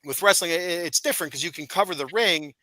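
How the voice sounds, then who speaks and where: A man hosting a podcast, explaining things with frequent stammering restarts. His voice is bright and pressed, fairly high, and recorded dry and close. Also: fast, no echo, low-quality recording. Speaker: podcast host. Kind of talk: casual wrestling chat.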